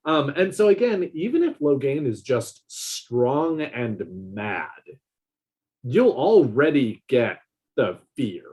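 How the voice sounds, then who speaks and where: Husky, slow, animated male podcaster. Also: mid-range voice. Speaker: podcast co-host. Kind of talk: casual chat.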